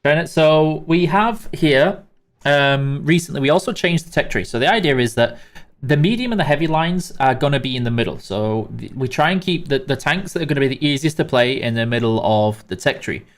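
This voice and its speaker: A man's voice: medium pitch, animated, brisk. A British man hosting a live game stream, reading out chat names and walking new players through the basics in a chatty way, with many fillers and restarts.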